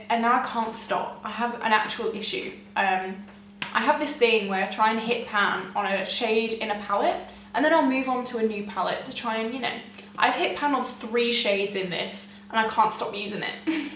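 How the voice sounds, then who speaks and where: A young woman gushing excitedly to camera as a beauty vlogger, chatty and often laughing. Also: a little high, moderate pace, slight background noise. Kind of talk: casual chat to camera. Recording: echoey room, mic at a distance.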